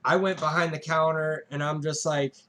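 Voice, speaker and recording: A man's voice: on the high side, little pitch movement, normal speed, sharp tone. A young man co-hosting a casual chat, telling a story with swearing and sudden jumps in his voice when he acts out the scene. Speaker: podcast co-host.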